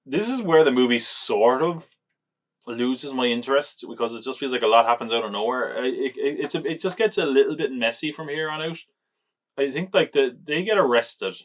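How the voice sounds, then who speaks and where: A man's voice: mid-range voice, lively intonation, normal speed. A man hosting a podcast, reviewing films in casual chat, rambling and acting out quotes as he retells scenes. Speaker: podcast host.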